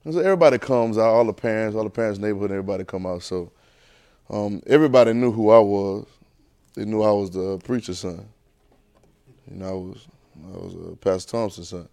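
A man preaching a sermon, telling a childhood story with lively, animated delivery. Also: lowish voice, fairly quick, vocal fry. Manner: animated storyteller, rising to excited near-shouting.

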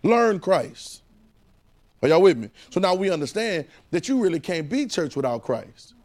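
A man preaching a sermon in call-and-response style, repeating phrases and swinging between loud and hushed delivery. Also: sits high, very animated, moderate pace.

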